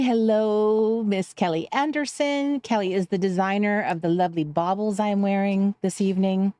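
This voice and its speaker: A woman's voice: mid-range voice, a little mellow, clear, resonant tone, dry recording, clean studio sound. A woman hosting a craft livestream from home, greeting viewers by name in a chatty, self-correcting way.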